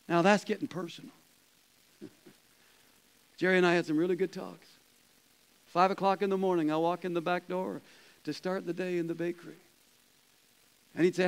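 A man, a pastor, preaching a conversational sermon, chuckling and dropping to soft quoted asides. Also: high-pitched, steady tone, fairly quick, pauses often, clean tone, low-quality recording. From Canada.

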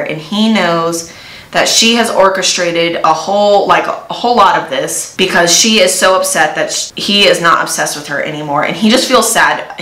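A woman recapping a novel's plot in a casual, chatty way, with playful asides, while doing her makeup. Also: lowish voice. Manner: animated, lively retelling with playful asides. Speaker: book reviewer. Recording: echoey room.

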